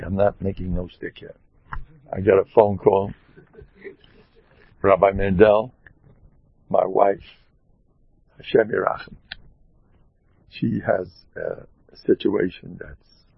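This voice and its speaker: A man, a rabbi, telling a story in an animated way and mixing in Hebrew and Yiddish terms. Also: sits low, a little slow, creaky, pauses often, slightly rough, dry recording, narrow, tinny audio. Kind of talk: storytelling talk.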